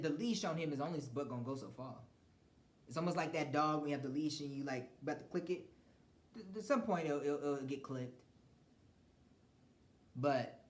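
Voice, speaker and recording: A man hosting a podcast, giving a blunt, profane political rant with frequent mocking laughs and stumbling restarts. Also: on the high side. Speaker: podcast host. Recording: roomy echo.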